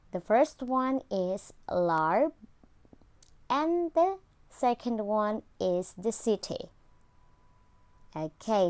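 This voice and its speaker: Woman english teacher, super slow, repeats every word twice, smooth clear voice. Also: medium pitch, darkish tone. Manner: repeats each word twice, draws out sounds. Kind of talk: slow, repetitive pronunciation lesson.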